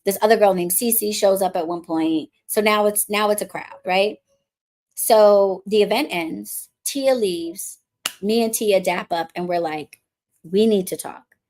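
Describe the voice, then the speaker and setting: An adult woman married since before 2020, this Bronx native coaches witchcraft and hosts a podcast. She tells a casual story in an animated, chatty way, acting out quoted dialogue, her medium-pitched voice running a little slow.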